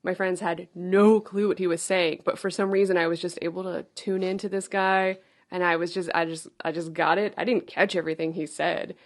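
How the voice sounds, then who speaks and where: Female podcast co-host, lowish voice, easygoing and agreeable. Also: little pitch movement, brisk. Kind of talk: casual film discussion.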